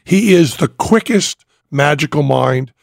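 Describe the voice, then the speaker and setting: A man hosting a podcast, telling a story in an animated, casual way and laughing as he goes. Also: fairly high pitch, unhurried, no room sound, clean studio sound. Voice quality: gravelly and husky. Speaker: podcast host.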